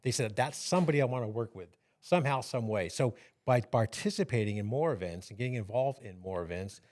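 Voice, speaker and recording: A man's voice: medium pitch, expressive, fast, darkish tone. A man co-hosting a podcast, speaking in an earnest, emphatic way in casual conversation. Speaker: podcast co-host. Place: podcast studio.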